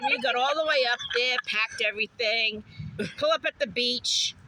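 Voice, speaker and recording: Very bright-voiced woman telling a story. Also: a little high, a little hiss or hum, low-quality recording. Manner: chatty, unhurried anecdote with quoted lines. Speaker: guest friend. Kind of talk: casual storytelling.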